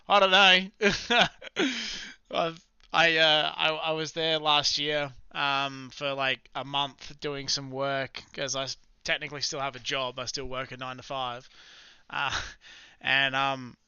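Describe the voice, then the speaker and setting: A man with an Australian accent hosting a live stream in casual, rambling chat, slangy and quick to laugh. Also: medium pitch, little pitch movement, sharp tone, clean tone, dry recording, dull audio. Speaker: livestream trading host.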